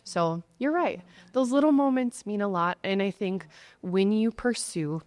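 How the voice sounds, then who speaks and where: A woman hosting a podcast interview, telling stories in a lively, heartfelt way and acting out the voices of others, at times getting choked up. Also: mid-range voice, a little slow, no room sound. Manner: animated storyteller, acts out quoted voices; emotional, gets choked up. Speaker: podcast host. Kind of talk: casual conversational interview.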